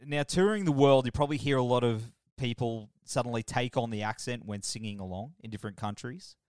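A man's voice: mid-range voice, brisk, darkish tone, dry recording, clean studio sound. An Australian man hosting a radio interview, friendly and jokey, saying "mate" often and laughing a lot. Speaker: radio host.

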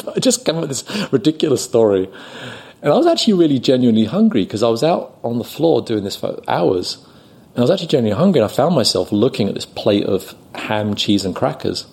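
A British man telling a story on a podcast, animated and often laughing as he acts out the people he quotes. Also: mid-range voice, fast talker, creaky, breathy edge. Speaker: podcast guest, actor. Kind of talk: casual anecdote telling.

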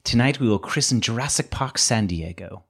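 A man's voice: mid-range voice, animated, normal speed, slightly rough, pitched above the performer's own voice. A man voicing a pompous male corporate executive giving a grandiose speech.

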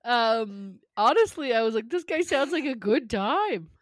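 A woman's voice: on the high side, expressive, measured pace, no echo, clean studio sound. A woman co-hosting a podcast in casual chat, joking and laughing along. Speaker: podcast co-host.

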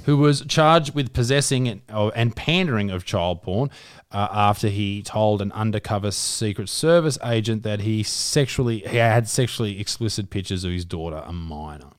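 A man's voice: fairly low pitch, normal speed, clean tone, no room sound, clean studio sound. A young man co-hosting a podcast, chatting casually with crude, swearing, jokey banter. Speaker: podcast co-host. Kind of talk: casual chat.

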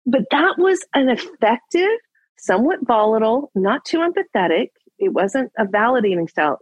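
A woman's voice: mid-range voice, no room sound, rough recording. A woman relationship coach on a podcast, telling a personal story with acted-out dialogue and giving advice. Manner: animated storyteller, acts out dialogue.

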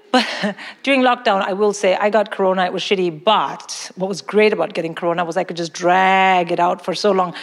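A middle-aged woman from India, doing blunt, profane, mock-outraged stand-up comedy on a live stage. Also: mid-range voice. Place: live venue stage in London. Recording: live hall reverb.

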